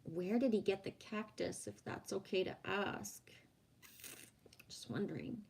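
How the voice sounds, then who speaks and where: A woman's voice: medium pitch, lively intonation, a little slow, vocal fry, darkish tone, husky. Chatty woman livestream host, French-first speaker. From Quebec, Canada. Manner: chatty and rambling, frequent laughter and restarts. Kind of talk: casual livestream chat, reading out viewer comments.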